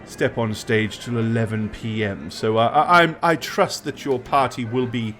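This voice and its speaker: A man's voice: mid-range voice, fairly even intonation, normal speed, fairly bright tone, faint music behind, voice pushed down, close to an everyday voice. A man doing a polite, hesitant waiter. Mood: deferential. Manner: hesitant, formal, deferential. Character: polite deferential male club waiter.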